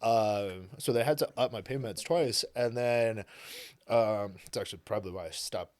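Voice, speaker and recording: A man's voice: lowish voice, moderate pace, no room sound. A man, a podcast guest, telling a story in casual chat, swearing freely and filling his talk with "like" and "you know.". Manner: animated, profane, heavy with "like" and "you know".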